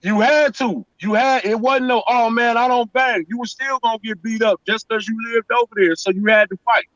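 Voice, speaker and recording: A man talks in a fairly high voice, emphatic and story-driven, and keeps checking in with the listener. The sound is dull and lo-fi, like a call line, and very dry. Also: steady tone, fairly quick, a bit bright, dry recording. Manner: emphatic street storytelling, repeats "you know what I'm saying". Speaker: guest. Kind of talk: casual chat.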